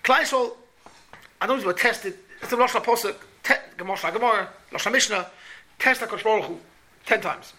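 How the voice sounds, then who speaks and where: Torah teacher, man, high and bright, animated questioning lesson. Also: quick pace. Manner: questioning, animated, repeats points. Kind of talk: Talmud class for boys.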